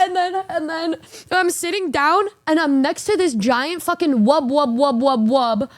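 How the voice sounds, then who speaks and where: A young woman streamer telling a casual story, animated, swearing and laughing through it. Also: very high-pitched, moderate pace.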